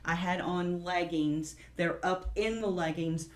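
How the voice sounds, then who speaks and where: A woman's voice: fairly low pitch, steady tone, a little slow. A middle-aged woman on a political round table, telling a story in a casual, chatty way and quoting people as she goes. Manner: chatty, quotes people in her stories. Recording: echoey room.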